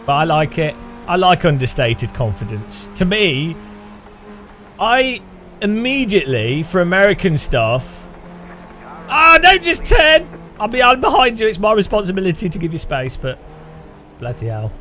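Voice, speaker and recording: A man's voice: high-pitched, very animated, moderate pace, pushed and bright. A man chatting casually on a gaming stream, laughing and grumbling at the game. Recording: light music behind.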